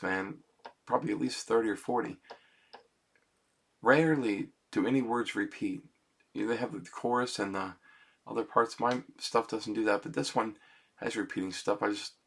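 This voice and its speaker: A man talking casually into his computer's webcam mic, rambling and self-conscious and often adding "man" and "you know", then quietly reciting his own song lyrics. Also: on the low side, gravelly, breathy edge. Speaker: amateur songwriter.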